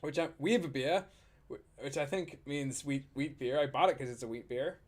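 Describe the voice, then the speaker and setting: A man's voice: on the high side, normal speed. A man co-hosting a casual podcast over beers, teasing and laughing a lot as he jokes around. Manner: joking, giggly, teasing. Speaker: podcast co-host.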